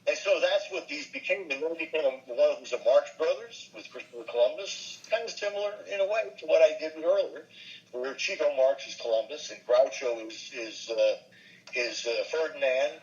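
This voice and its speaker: An older male voice actor chats through an interview, telling animated stories and slipping briefly into character voices. His voice sits fairly high, and the recording is muffled and lo-fi. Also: normal speed. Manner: animated storyteller, slips briefly into impressions. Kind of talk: casual interview chat.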